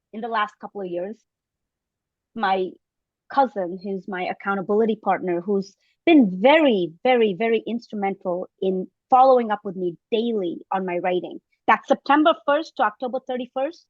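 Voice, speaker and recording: A woman's voice: mid-range voice, lively intonation, moderate pace, dry recording, dull audio. A woman in her fifties, a podcast guest telling her story in casual conversation and acting out the voices of the people she quotes. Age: 50s.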